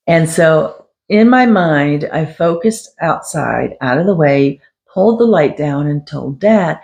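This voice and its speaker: A woman hosting a paranormal podcast, telling a personal story in a conversational monologue, quoting others and clearing her throat now and then. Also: low voice, moderate pace, darkish tone. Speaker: psychic podcast host.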